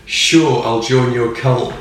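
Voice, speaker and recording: A man's voice: medium pitch, steady tone, slow, distant mic. A man chatting casually as a podcast guest, rambling and enthusiastic and chuckling often. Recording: echoey room, off mic.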